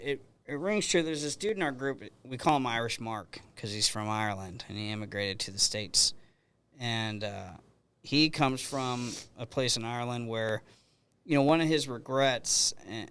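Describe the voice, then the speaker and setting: A middle-aged man hosts a podcast and talks in a loose, rambling way, circling back and restarting his sentences. His voice is smooth and resonant, at an ordinary pitch. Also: fairly bright tone. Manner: rambling storyteller with frequent restarts. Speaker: podcast host. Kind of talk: casual conversational interview.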